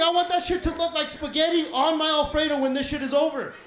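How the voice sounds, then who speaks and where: A man's voice: extremely high pitch, fairly even intonation, fast, echoey room, a faint crowd. A man in his forties doing a stand-up set in a small comedy studio, rambling, profane, and acting out the voices he quotes. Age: 40s.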